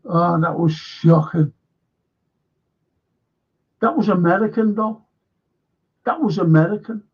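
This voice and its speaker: A man with a high-pitched, slow voice and a breathy edge hosts a live stream, rambling bluntly and swearing often in casual chat. The stream audio is dull and lo-fi.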